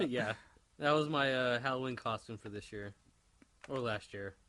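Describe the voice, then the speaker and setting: Bright-voiced, self-deprecating man. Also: mid-range voice, a little slow, a little hiss or hum. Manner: self-deprecating, laid-back. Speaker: podcast co-host. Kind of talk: casual comedic chat.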